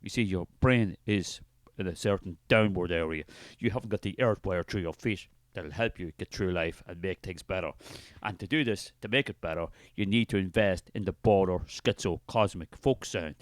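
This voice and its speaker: A man's voice: deep voice, moderate pace, no room sound, lightly acted. An Irish man playing a preachy, fervent male spirit of artistic creativity who rambles grandly in a comic character sketch.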